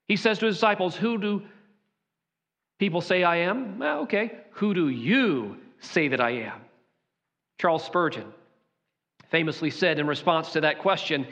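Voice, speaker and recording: A man preaching a sermon to his congregation with a Southern accent, emphatic and full of dramatic pauses. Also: high-pitched, sharp tone. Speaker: pastor. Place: church sanctuary.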